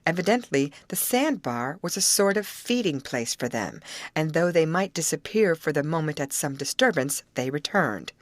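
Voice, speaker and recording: A woman reading an audiobook aloud in an expressive, animated narration style. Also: low-pitched, normal speed, no room sound. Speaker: audiobook reader. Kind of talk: scripted narration.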